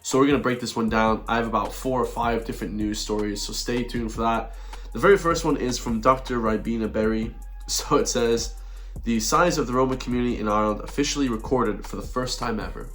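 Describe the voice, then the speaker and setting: A man's voice: medium pitch, brisk, a bit bright, soft background music. A man doing a blunt, repetitive rant in a video commentary, chuckling between his points. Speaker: online commentator.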